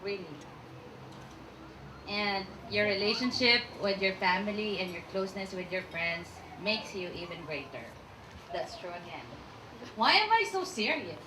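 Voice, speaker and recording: A woman's voice: mid-range voice, very animated, moderate pace, background noise. A woman reading her maid-of-honor toast from notes, giggly and emotional, close to tears. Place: restaurant reception. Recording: echoey room, mic at a distance.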